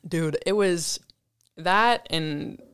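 A woman's voice: lowish voice, drawn-out words, fairly bright tone, clean tone, no room sound, studio quality. A young woman telling a college story in casual chat, swearing often and full of fillers. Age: young adult.

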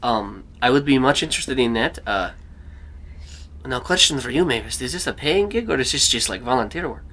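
A man's voice: medium pitch, lively intonation, a little fast, bright, forceful tone. A man voicing an eager recruit with a put-on Russian accent and broken English in a tabletop game. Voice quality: broken English, slurping soup.

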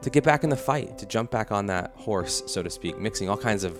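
Low-voiced male host over guitar. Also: expressive, fairly quick. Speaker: podcast host. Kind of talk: interview and outro. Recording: music underneath.

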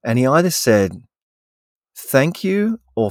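A male podcast co-host with a lowish voice, recorded dry and close. He talks in a halting, hesitant way, restarting often in relaxed chat. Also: no room sound. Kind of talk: casual chat.

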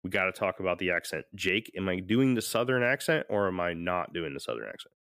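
A man's voice: sits low, lively intonation, quick pace, fairly bright tone, no echo, clean studio sound. A man hosting a podcast in casual chat, rambling and often laughing. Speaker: podcast host.

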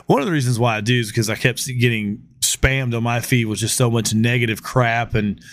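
Man, podcast host, animated storyteller, dry close mic, mid pitch. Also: fairly quick, no echo. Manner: animated storyteller, acts out quotes. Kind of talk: casual podcast chat.

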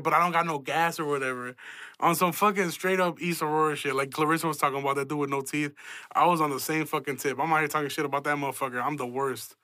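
A man's voice: fairly high pitch, sharp tone, dry recording, studio quality. A young man hosting a podcast, telling stories in a profane, self-mocking, casual way and laughing often. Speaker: podcast host. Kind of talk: casual storytelling.

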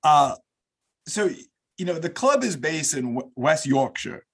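A man's voice: a little high, big pitch swings, unhurried, a bit bright, husky. A man with a New York accent hosting a casual podcast interview, effusive and welcoming toward his guest. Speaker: podcast host.

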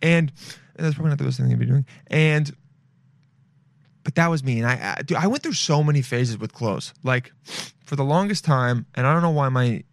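A man's voice: medium pitch, a little fast, vocal fry, no echo. Rambling, sniffly young man, dry close sound. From Los Angeles. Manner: rambling, swears freely, calls listeners "dude". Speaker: podcast host. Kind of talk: casual solo chat.

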